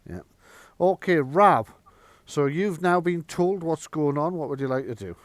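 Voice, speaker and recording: A man's voice: fairly high pitch, animated, a little slow, no echo. A man running a tabletop game as game master, laid-back and swearing freely.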